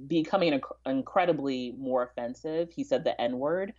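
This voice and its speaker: A woman's voice: very deep voice, moderate pace, a little mellow, highs cut off. A woman chatting as a podcast guest, talkative, with frequent fillers and restarts. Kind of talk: casual interview chat.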